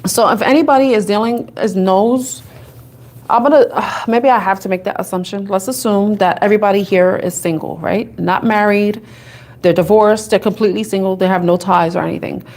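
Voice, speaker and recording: A woman's voice: mid-range voice, steady tone, moderate pace, darkish tone. A woman giving a casual tarot reading, talking and thinking aloud in a chatty, giggly way. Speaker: tarot reader.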